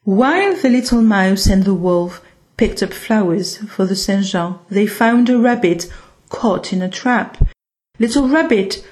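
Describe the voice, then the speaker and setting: A woman narrating a children's story in a gentle, unhurried reading manner. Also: medium pitch, expressive.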